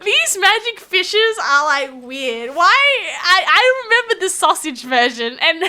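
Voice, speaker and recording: Bright, lively Australian woman streamer. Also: sits high, takes it slowly. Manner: giggly, animated, chatty. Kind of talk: casual live-stream chat, reading chat aloud.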